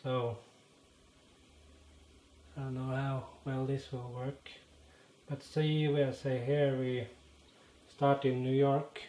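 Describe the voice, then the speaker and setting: A man with a Norwegian accent, a native Norwegian speaker, explaining an idea to camera in a halting way and often pausing to search for words. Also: mid-range voice, flat delivery, dark tone. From Norway. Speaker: channel host. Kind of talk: casual explanatory monologue. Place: in front of a green screen.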